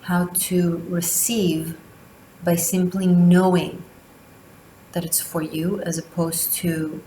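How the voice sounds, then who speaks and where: A woman tarot reader giving a spiritual monthly reading, speaking slowly and deliberately with long pauses. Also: fairly low pitch, little pitch movement, dark tone, reverberant, slight background noise, low-quality recording. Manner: slow, deliberate delivery with drawn-out pauses.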